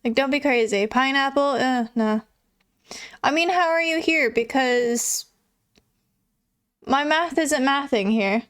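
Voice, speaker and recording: A woman's voice: high-pitched, slow, pauses often, a bit bright. A young adult woman livestreamer chatting casually with viewers, swearing freely and laughing often. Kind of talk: casual chat reading viewer messages.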